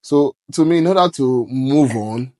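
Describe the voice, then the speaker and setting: A man's voice: mid-range voice, lively intonation, moderate pace, mellow. Emphatic young Nigerian man. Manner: emphatic, mixes Nigerian Pidgin into English. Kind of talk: casual podcast chat.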